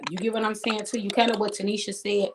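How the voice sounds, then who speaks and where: A woman's voice: medium pitch, flat delivery, fast, a little hiss or hum. A woman co-host in a casual group chat, making her point emphatically and checking in with her listeners as she goes. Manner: emphatic, preachy, checks in with "you get what I'm saying". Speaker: podcast co-host.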